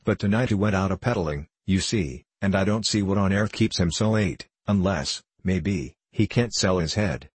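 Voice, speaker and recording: A man's voice: low voice, moderate pace, few pauses, slightly rough, no room sound. A man voicing a folksy, sly old male innkeeper in an audiobook, with a rustic drawl and dropped word endings.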